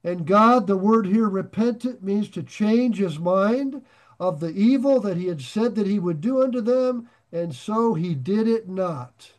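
An older man preaching a sermon, folksy and animated, joking and swinging his volume up and down as he reads scripture. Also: sits high, a little slow. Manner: folksy, animated preaching with jokes and sudden shifts of loudness. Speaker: pastor.

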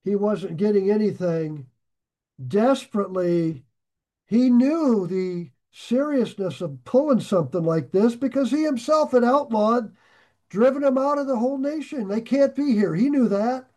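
A man's voice: sits high, expressive, measured pace, dark tone. A man leading a Bible study, telling a rambling story with chuckles. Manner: rambling, chuckling anecdote teller. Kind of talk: casual storytelling.

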